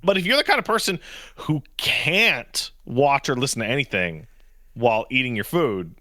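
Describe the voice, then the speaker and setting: A man co-hosting a podcast, casually telling animated stories and throwing joking insults. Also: mid-range voice, normal speed, no echo, studio quality. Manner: animated storytelling, jokey insults. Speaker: podcast co-host. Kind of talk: casual chat.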